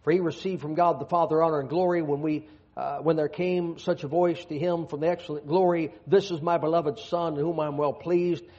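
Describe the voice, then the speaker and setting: A man's voice: a little high, steady tone, brisk, few pauses, a little mellow. A man preaching a sermon, reading scripture aloud and dropping folksy, joking asides. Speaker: pastor. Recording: dull lo-fi sound.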